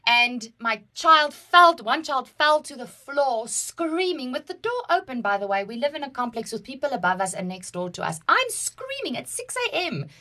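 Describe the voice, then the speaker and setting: A South African woman co-hosting a casual podcast, her voice sitting a little high with a bright, forceful edge. She tells her stories dramatically and with lots of animation. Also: big pitch swings, normal speed, hardly any pauses. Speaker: podcast co-host. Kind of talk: casual chat, personal storytelling.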